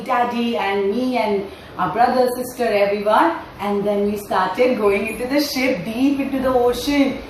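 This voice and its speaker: A woman's voice: a little high, recorded from a distance, slight background noise. A woman yoga trainer leading a playful class for parents and children, asking the class questions in a sing-song, storytelling way. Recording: very echoey room with faint ambience.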